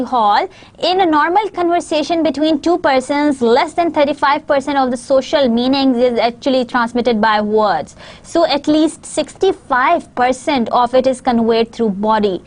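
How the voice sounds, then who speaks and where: A woman's voice: high voice, normal speed. A woman from Pakistan giving a recorded university lecture, explaining slides with frequent hesitations and fillers.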